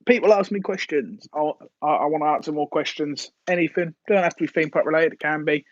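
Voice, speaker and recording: A man's voice: fairly high pitch, brisk, no echo, dull audio. A man hosting a casual live stream, rambling and hesitant with lots of fillers and restarts as he answers viewers' questions.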